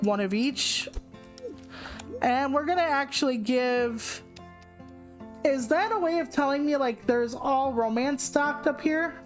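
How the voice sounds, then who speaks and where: A woman in her forties hosting a let's play, chatting in a goofy, self-mocking way. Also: on the high side. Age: 40s. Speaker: gaming channel host. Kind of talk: casual let's play commentary.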